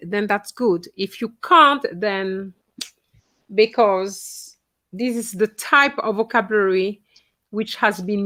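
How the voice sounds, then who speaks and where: A woman's voice: mid-range voice, fairly bright tone. A woman teaching a French class online, explaining instructions patiently and checking in with her students.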